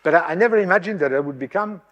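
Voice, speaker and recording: A man from France giving a public lecture as a professor, halting with many fillers and restarts, with dry self-deprecating humour. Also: sits high, expressive, muffled recording, slight background noise. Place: lecture hall. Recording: long hall reverb.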